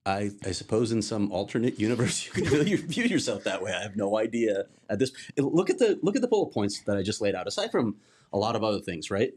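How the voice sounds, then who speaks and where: Sports reporter co-host, low voice, blunt and wry. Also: male voice, sing-song, fast, darkish tone. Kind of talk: casual podcast chat.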